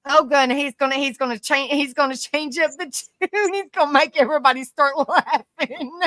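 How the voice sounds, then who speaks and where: With a high, bright, forceful voice, a woman chats casually on her livestream at a moderate pace, reading comments aloud. She laughs a lot, restarts her rambling sentences, and calls people honey and sweetie, all in a close, dry recording without echo.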